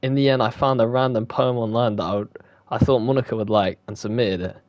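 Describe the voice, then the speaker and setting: A man's voice: mid-range voice, steady tone, quick pace, a little mellow, no room sound. A young man reads a visual novel aloud and swears freely between lines. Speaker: gaming streamer.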